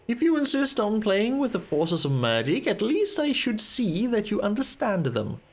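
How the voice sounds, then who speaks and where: A man's voice: high voice, wildly swooping pitch, normal speed, pitched above the performer's own voice, heavily acted. A man voicing a stern, weary old male wizard who speaks in a formal, grave, old-fashioned way.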